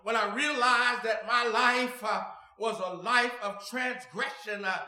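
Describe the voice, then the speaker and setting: Guy preaching, really high sharp voice, sings and shouts his lines, echoey room w faint music. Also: fairly even intonation, measured pace. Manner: chanting cadence rising into shouted, sung lines. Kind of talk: sermon.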